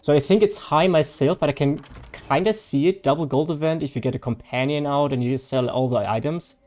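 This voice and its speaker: A man's voice: on the high side, fairly quick, a little mellow. A man chatting casually on a live game stream, reading viewer chat, joking and laughing often.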